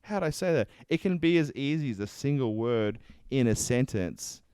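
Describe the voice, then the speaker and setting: A man's voice: medium pitch, moderate pace, clear, resonant tone, no echo. A man, a stand-up comedian talking casually and acting out quoted lines as he tells stories. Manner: animated storyteller, acts out quotes; swears casually. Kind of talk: casual interview chat.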